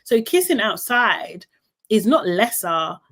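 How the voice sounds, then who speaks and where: A woman chatting casually through a reality show recap, opinionated and quick to laugh. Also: mid-range voice, sing-song, a bit bright. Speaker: recap vlogger.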